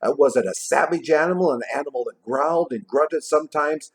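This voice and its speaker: A man casually retelling a classic story in a vlog, tossing in jokey asides and trailing off quietly at the ends of his thoughts. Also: fairly high pitch, a little fast. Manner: chatty, jokey, adds asides while retelling. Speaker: vlogger reading a classic novel aloud.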